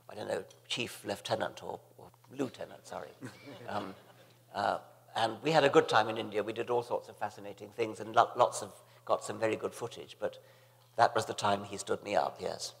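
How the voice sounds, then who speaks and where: An older man telling anecdotes as a guest on a stage, halting and dryly humorous, with many restarts. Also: fairly low pitch, vocal fry. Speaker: guest author. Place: stage in a large hall, live audience. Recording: reverberant hall with audience.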